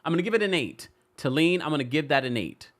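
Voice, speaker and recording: A man hosting a celebrity gossip show chats casually with his live audience, playful and teasing and laughing often. His voice is a little high, animated, fast, and fairly bright.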